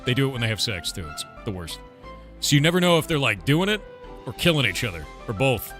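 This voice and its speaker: A man's voice: mid-range voice, very animated, fast, a bit bright, soft background music. A man casually chatting with his livestream audience, rambling and blunt, swearing now and then. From United States. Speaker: streamer and game developer.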